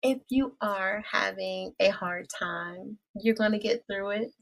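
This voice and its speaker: A middle-aged woman with a Mid-Atlantic US accent tells stories to her camera at a relaxed, chatty pace. Her voice sits in the middle range for a woman. She laughs easily and speaks directly to her viewers. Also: medium pitch, slow, creaky. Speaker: vlog host. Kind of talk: casual storytelling to camera.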